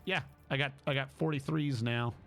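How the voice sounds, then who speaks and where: A man's voice: medium pitch, fairly even intonation, normal speed, a bit bright, soft background music. A man streaming a video game, chatting and thinking aloud as he reads the game text. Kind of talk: casual gaming commentary.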